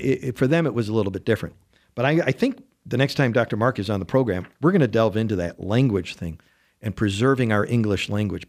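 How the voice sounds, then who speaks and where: A man in his sixties, from western New York, hosts a radio talk show. His voice sits low, and he rambles through his thoughts in a chatty way, often laughing. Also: a little mellow. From western New York State. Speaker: radio host. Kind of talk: casual on-air talk.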